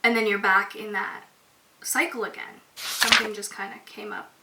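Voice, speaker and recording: A young woman hosting her own podcast speaks at normal speed in a mid-range voice with little pitch movement, giving an open, emotional, candid monologue with frequent "like." The recording has a roomy echo, a distant mic, and faint hiss.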